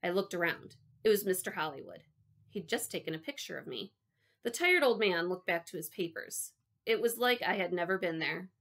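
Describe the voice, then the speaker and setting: Female storybook narrator, wry first-person read, animated pitch. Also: normal speed. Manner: wry, dropping to a quiet aside. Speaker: audiobook narrator.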